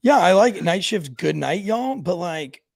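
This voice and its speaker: Gravelly, profane male podcast co-host. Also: sits high, expressive, normal speed, a little mellow, no echo, studio quality. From Irish family roots. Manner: profane, joking, rambling. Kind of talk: casual crude banter.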